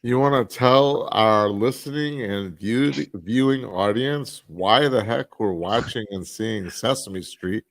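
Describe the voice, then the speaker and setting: A wry, joking male co-host with a lowish voice. He talks slowly, and his recording is dry and close. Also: fairly bright tone, dry recording. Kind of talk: casual political talk show chat.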